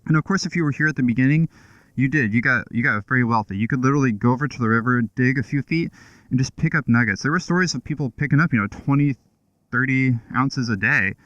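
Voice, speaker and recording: A man chats from the saddle of a motorcycle, explaining history in a relaxed, offhand way. His voice comes through a helmet mic, close and dry, with a slightly dull, muffled tone. Engine noise sits underneath. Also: medium pitch, fast, no echo. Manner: chatty, loose, offhand with fillers and asides. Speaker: motovlogger. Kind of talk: casual history talk while riding. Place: on a motorcycle outdoors.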